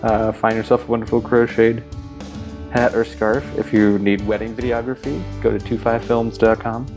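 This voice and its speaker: Jokey podcast co-host, gravelly voice, laid-back chat. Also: male voice, lowish voice, little pitch movement, normal speed, over music. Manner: jokey, slips into silly put-on voices. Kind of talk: casual chat.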